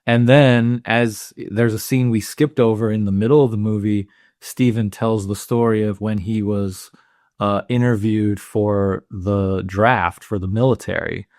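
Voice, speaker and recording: A man co-hosting a film podcast who builds his points slowly and asks questions. His voice sits on the low side. The recording is dry and close, with no echo. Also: steady tone, a little mellow. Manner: thoughtful, halting, with restarts and questions. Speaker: podcast co-host. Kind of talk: casual film discussion.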